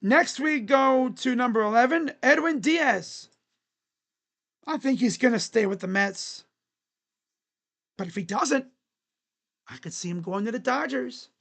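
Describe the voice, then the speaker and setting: A sports channel host chatting casually on a live stream, making predictions in a jokey, rambling way with sudden shouted bits. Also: medium pitch, a little slow, long pauses. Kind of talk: casual live-stream commentary on baseball free agents.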